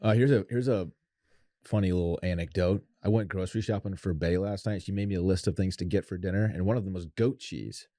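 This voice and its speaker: Deep-voiced laid-back podcast man. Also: fairly quick, dark tone, no room sound, studio quality. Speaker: podcast co-host. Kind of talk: casual podcast chat.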